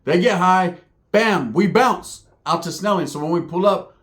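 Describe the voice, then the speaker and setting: A man's voice: high-pitched, moderate pace. A man telling a crude, comic story in a casual, profane way, tagging lines with "right?". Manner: profane, animated, rhetorical "right?". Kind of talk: comedic storytelling.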